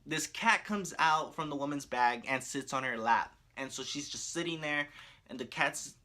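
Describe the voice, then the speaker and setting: A man casually recapping a cartoon story as a video creator, animated and laughing often. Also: fairly high pitch, normal speed.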